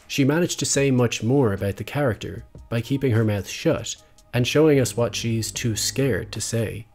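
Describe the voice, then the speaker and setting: A man narrating a scripted video essay in a measured, analytical way. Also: medium pitch, darkish tone. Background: faint background music.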